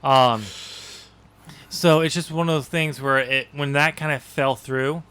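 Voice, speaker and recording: A man's voice: medium pitch, steady tone, unhurried, fairly bright tone, smooth. A man co-hosting a podcast in casual chat, rambling with lots of ums and easy laughs. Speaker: podcast co-host.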